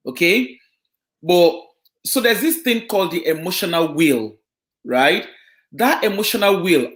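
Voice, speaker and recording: A man who works as a children and family social worker, giving a community talk on parenting and often checking in with his listeners. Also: a little high. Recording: echoey room.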